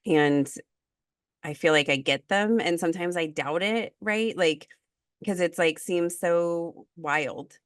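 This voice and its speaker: A woman's voice: on the low side, slow pace, no room sound, clean studio sound. A woman hosting a podcast, talking openly and personally in casual conversation. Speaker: podcast host.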